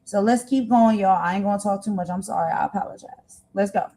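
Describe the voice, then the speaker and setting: A woman's voice: mid-range voice, fairly quick, vocal fry, dark tone. A woman hosting a live cooking stream in a casual, chatty way, reading viewer comments aloud and rambling with filler phrases. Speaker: cooking channel host.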